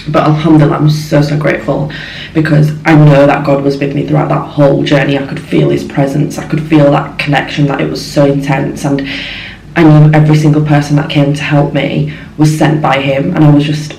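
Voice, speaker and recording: Young woman vlogger, chatty and emotional, a little gravelly, roomy echo. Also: low-pitched, flat delivery, moderate pace, dark tone, slight background noise. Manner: chatty, gushing and emotional, lots of fillers. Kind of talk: casual travel vlog chat. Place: hotel room. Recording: echoey room with faint ambience.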